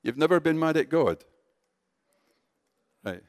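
A man preaching a sermon in a conversational, animated way, talking directly to his congregation. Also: a little high, takes it slowly, dry recording, clean studio sound.

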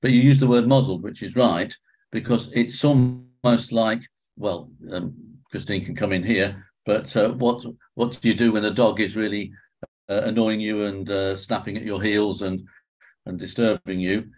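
A man with a somewhat low voice leads a small Bible study group. He talks in a hesitant, searching way, full of ums and restarts as he draws answers from the group. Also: steady tone, moderate pace, a little mellow. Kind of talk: leading a group discussion.

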